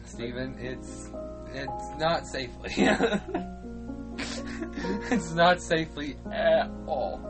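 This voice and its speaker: Podcast co-host, lively pitch, profane casual retelling, faint music behind. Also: very slow, long pauses. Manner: animated, profane, acts out quotes. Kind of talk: casual chat retelling a show.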